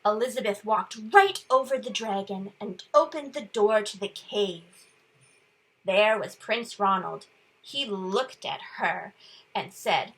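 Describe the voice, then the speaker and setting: A woman reading a picture book to young children in an animated voice, coaxing them to count and whisper along. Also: mid-range voice, takes it slowly. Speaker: children's story reader.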